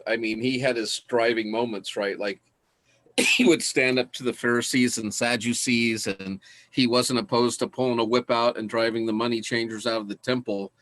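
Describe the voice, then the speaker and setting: A man's voice: mid-range voice, fairly bright tone, no echo. A man teaching in a casual lecture, enthusiastic and laughing often as he talks.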